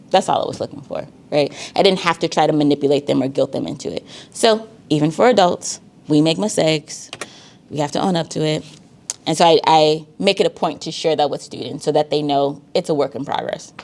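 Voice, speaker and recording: A woman talks casually as a counselor. Her voice sits low with a gravelly fry, and her chatty, easygoing delivery is full of likes and y'alls. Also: fairly quick, darkish tone. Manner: conversational, uses y'all and filler likes. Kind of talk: casual talk on teen dating safety.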